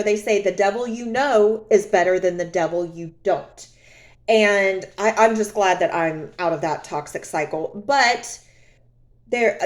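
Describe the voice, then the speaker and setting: A woman's voice: mid-range voice, a little mellow. A woman vlogger talking candidly from her own experience in a reflective personal monologue, often repeating phrases for emphasis.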